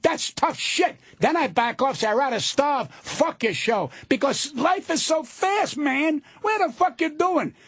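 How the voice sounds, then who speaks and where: An older male comedian ranting loudly and profanely as a guest in a radio studio. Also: extremely high pitch, lively intonation, measured pace, hardly any pauses, dry recording. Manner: loud, profane, indignant ranting.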